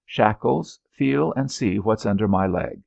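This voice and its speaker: A man's voice: on the low side, expressive, a little slow, gravelly, a little mellow, no room sound, highs cut off, exaggerated voice. A man voicing a proud, irritable wounded male soldier who speaks in a curt, peevish way. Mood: testy.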